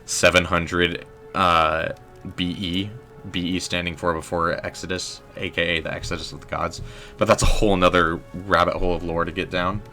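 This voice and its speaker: A man's voice: low voice, little pitch movement, moderate pace, sharp tone, soft background music. A young man casually commenting on his gameplay, chatting with viewers and joking at his own expense. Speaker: livestreamer and writer.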